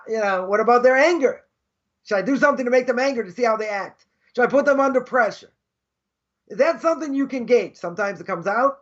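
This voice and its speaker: A man's voice: very high-pitched, a bit bright, highs cut off. A man teaching an informal religious class as a rabbi, telling stories in a chatty way and repeating phrases for emphasis. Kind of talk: informal Torah class with storytelling.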